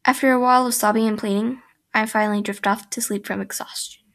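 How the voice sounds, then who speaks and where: A young woman reads a fan fiction aloud from her own channel, tripping over words and circling back to fix them. Her voice sits on the high side, and she breaks off now and then for casual, chatty comments to her viewers. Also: steady tone, a bit bright. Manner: halting, stumbles and restarts mid-sentence.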